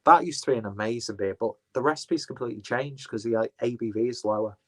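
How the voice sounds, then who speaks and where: A man's voice: mid-range voice, fast talker. A man chatting casually through an unboxing, rambling, swearing and correcting himself as he goes. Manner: rambling, profane, self-correcting. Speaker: beer reviewer.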